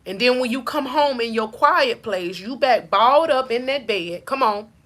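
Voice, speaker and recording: A Southern woman preaching encouragement as a life coach, her voice sitting high and ringing bright. She builds her points through rhythmic repetition and keeps calling out to her listeners. The tone is fervent, church-style exhortation. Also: lively intonation, normal speed. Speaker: faith-based life coach. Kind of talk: preaching-style motivational talk.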